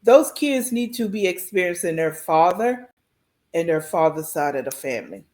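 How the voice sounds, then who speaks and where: A woman hosting a reaction channel, giving blunt, emphatic commentary as she pauses a clip. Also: fairly low pitch, big pitch swings, darkish tone.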